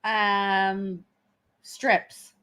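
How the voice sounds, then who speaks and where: A woman's voice: mid-range voice, flat delivery, drawn-out words, bright, forceful tone, clear, resonant tone. A woman joins a casual chat and keeps asking brief, curious questions. Her interjections are short and conversational.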